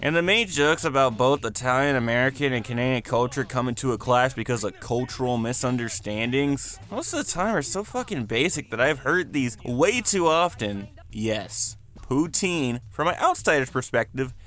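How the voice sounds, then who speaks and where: A man reviews cartoons in a sarcastic, rambling way, with lots of swearing. His voice sits at an ordinary mid pitch. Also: lively intonation, moderate pace, a bit bright. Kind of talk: scripted comedic review.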